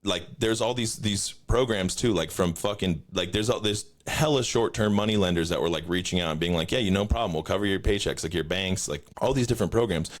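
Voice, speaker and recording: Young dude ranting on his podcast, swears a lot, lowish voice that shoots way up when he acts out what he said. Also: brisk, few pauses. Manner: profane, animated storytelling, jumps high when quoting himself. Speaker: podcast host. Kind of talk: casual rant.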